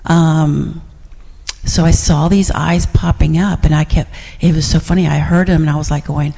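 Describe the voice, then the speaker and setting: A woman's voice: sits low, fairly even intonation, moderate pace, gravelly, warm tone, in a large hall. A middle-aged woman sharing reflections in a class, rambling with many fillers and restarts. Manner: rambling, full of fillers and restarts, laughs often. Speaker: class participant.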